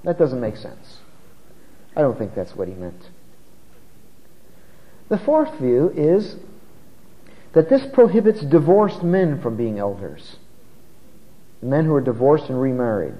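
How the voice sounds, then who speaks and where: A man preaching an expository sermon, who slows down and stresses key words, recorded muffled in a large church hall. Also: mid-range voice, huge pitch swings.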